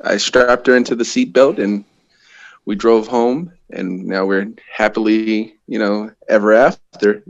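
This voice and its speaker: A man's voice: lowish voice, fairly even intonation, unhurried, no room sound, lo-fi sound. A man guesting on a podcast as a pro wrestler, talking in a laid-back, easygoing way with frequent laughs. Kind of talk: casual chat.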